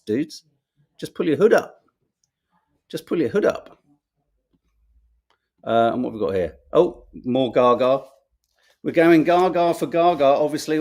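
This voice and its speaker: A man hosting a podcast, reviewing the papers in a chatty, wry, sarcastic way and musing aloud as he goes. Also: medium pitch. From Britain. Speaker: podcast host. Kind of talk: casual newspaper review chat.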